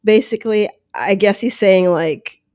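A woman's voice: medium pitch, a little slow, darkish tone, no room sound, studio quality. A woman hosting her own podcast, talking straight to listeners in a chatty, casual way and acting out what others said. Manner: chatty, talks to listeners directly, acts out quotes. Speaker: podcast host, former reality show houseguest. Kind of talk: casual commentary.

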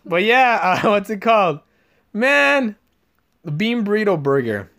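A man's voice: sits high, very animated, a little slow, bright, forceful tone. A young man hosting a podcast, telling rambling stories full of swearing in casual chat. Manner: profane, rambling storyteller. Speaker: podcast host. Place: Los Angeles area podcast room.

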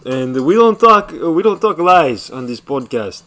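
A man's voice: on the high side, very animated, measured pace, fairly bright tone. Young man rambling on a casual podcast. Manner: joking, rambling, hesitant with fillers. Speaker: podcast co-host.

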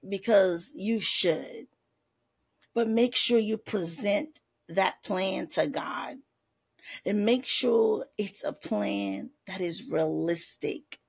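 A woman's voice: mid-range voice, vocal fry, breathy edge. A woman life coach giving faith-based advice in a sassy, playful podcast talk, tossing in pet names and laughing often.

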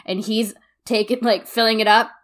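A young woman with a bright, clear voice co-hosts a casual podcast. She tells stories with animated energy, acts out what people said, and fills her talk with "like.". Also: fairly high pitch, normal speed. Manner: animated storyteller, acts out quotes, says "like" a lot. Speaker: podcast co-host. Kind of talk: casual chat.

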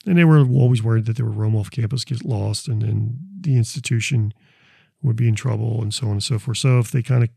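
Man, gravelly voice, dark and mellow tone, dry close sound, rambling casual talk with restarts. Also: mid-range voice, fairly quick, dry recording. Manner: rambling, repeats words, restarts often. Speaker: paranormal investigator presenting recordings.

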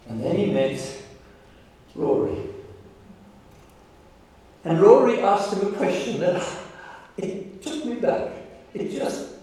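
A man preaching a sermon as pastor, telling stories in a warm, emotional way with halting restarts and repeated words. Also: high-pitched, very animated. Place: large church hall. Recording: echoey hall, voice from far off.

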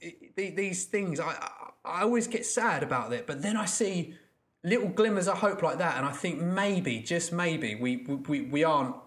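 A man with a fairly high-pitched voice speaking in a casual chat. He stops and restarts often, hunting for words as he goes, and keeps his tone conversational. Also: expressive, a bit bright. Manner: halting, searching for words.

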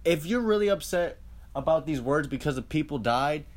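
A man with a slightly higher-than-usual voice rants straight at the listener in a loose, profane monologue. He keeps restarting his sentences and firing off rhetorical questions as he goes. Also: expressive, normal speed. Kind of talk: casual ranting monologue.

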